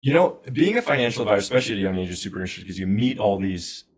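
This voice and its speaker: Low-voiced man telling stories. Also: racing. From Saskatchewan, Canada. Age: 30s. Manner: animated storyteller, self-deprecating. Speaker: podcast guest, wealth advisor. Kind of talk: casual conversation.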